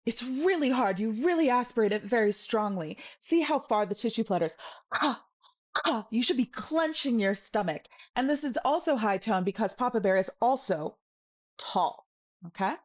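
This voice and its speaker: A woman teaching a video language lesson, patient and playful, repeating each sound slowly so the viewer can copy it. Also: a little high, lively intonation.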